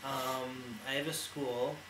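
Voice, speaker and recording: A man's voice: medium pitch, little pitch movement, slow pace, a crowd in the background. A young man co-hosting a casual sports chat, rambling and laughing as he ad-libs jokes. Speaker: co-host. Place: indoor room. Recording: echoey room with noise.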